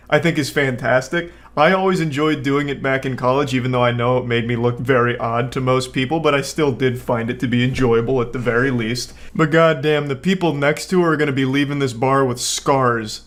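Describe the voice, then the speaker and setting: Dry, deadpan young man telling stories. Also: mid-range voice. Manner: dry, deadpan, sarcastic delivery with casual swearing; relaxed, unhurried storytelling with frequent fillers. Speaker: YouTube commentator. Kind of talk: casual commentary on a video clip.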